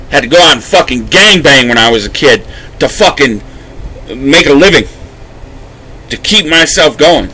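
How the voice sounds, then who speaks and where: A man's voice: fairly high pitch, lively intonation, normal speed, sharp tone, husky, poor audio. A man vlogger delivering an angry, emotional rant to camera, swearing heavily as his voice rises and drops. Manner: heated, swearing, voice rising and dropping.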